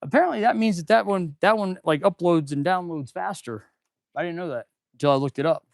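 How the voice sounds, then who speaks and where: A man's voice: high voice, a little fast, vocal fry, no room sound, studio quality. Laid-back chatty mechanic guy. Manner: laid-back, chatty, talking to viewers, says "dude" and "man". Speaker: auto mechanic and channel host. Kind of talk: casual live-stream chat while working. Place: auto repair shop.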